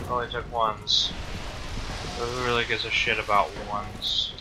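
A man's voice: on the low side, level tone, unhurried, noisy background. A man giving casual gameplay commentary, swearing often and rambling in exasperation at the game. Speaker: let's play gamer.

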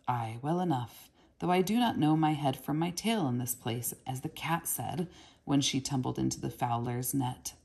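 A woman voicing a cheerful, talkative apprentice boy who jokes in old sayings, in a low, gravelly, husky voice. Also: normal speed, darkish tone, full character voice. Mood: friendly. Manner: friendly, joking, eager questions. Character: cheerful chatty boy apprentice, proverb-loving.

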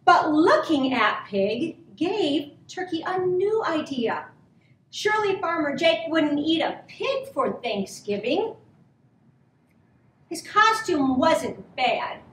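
Woman storybook reader for kids: high, animated, unhurried; roomy and distant sound. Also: slight background noise. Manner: gentle, expressive, drawn-out. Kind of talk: storybook read-aloud for children.

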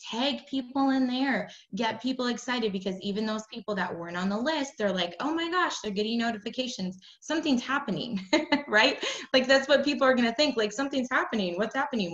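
A woman leads her sales team in a casual coaching talk, chatty and upbeat. She keeps checking in with "right?" and acts out the quoted lines with sudden bursts of excitement. The call audio is slightly dull and echoey. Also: mid-range voice. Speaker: team leader coaching sellers.

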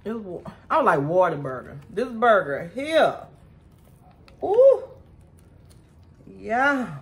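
A woman's voice: medium pitch, very animated, a little slow. A woman chatting to her viewers in a casual eating vlog, talking about her food as she eats. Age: adult with a son. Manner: chatty, keeps addressing viewers as y'all. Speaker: food vlogger.

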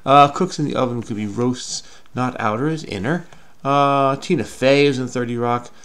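A man's voice: mid-range voice, moderate pace, a bit bright. A middle-aged man casually thinking aloud while solving a crossword, hesitant and self-questioning, often trailing off with "I don't know.".

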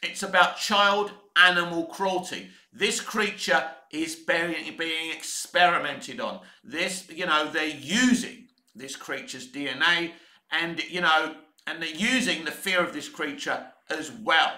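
A man talks through movies in a loose, enthusiastic commentary, throwing in the odd swear word. His voice sits high and sounds very bright and forceful. The room around him is echoey. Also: a little slow. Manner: opinionated, enthusiastic, swears casually. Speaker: movie reviewer. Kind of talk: casual spoken film commentary.

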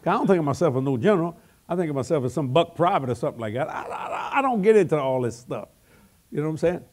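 An older male evangelist delivers a sermon full of humorous, homespun stories. His voice sits a little higher than most men's, and his telling is animated and folksy. He often doubles up words as he builds each story. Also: fast talker. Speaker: evangelist preacher.

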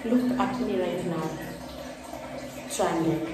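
A woman's voice: on the low side, very slow, noisy background. A young Kenyan woman vlogging a room tour on her phone, complaining dramatically and switching between English and Swahili. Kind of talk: casual vlog room tour. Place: small rental room and bathroom, indoors. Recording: very echoey small tiled room.

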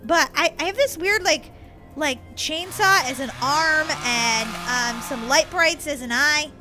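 A woman's voice: high voice, unhurried. A woman playing a game as the villain, chatting playfully, giggling and teasing in a mock-evil way. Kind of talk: playful let's-play chatter. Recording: game music underneath.

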